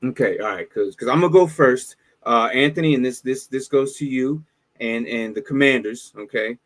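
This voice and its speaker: A man's voice: mid-range voice, moderate pace, fairly bright tone. A man co-hosting a casual sports podcast, laid-back, often trailing off and tossing in "bro" and "man". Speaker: podcast co-host.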